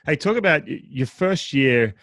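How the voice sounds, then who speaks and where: A man's voice: on the high side, expressive, normal speed, a bit bright, dry recording. Man, podcast host, chatty, storytelling, dry close sound. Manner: chatty, storytelling with quoted asides. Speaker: podcast host, former pitcher. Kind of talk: casual interview chat.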